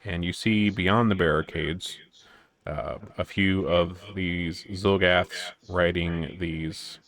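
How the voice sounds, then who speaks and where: Deep-voiced man running the game. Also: fairly even intonation, slow, a bit bright. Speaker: game master. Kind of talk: narrating a tabletop game.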